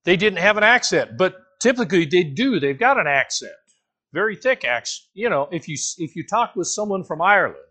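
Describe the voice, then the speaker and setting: A man, teaching a Bible passage to his congregation in a casual, animated sermon, asking the listeners questions and joking as he goes. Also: sits high, fairly quick. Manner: casual, animated, asks the listeners questions, jokes, restarts often. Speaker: pastor teaching a Bible study. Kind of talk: conversational sermon.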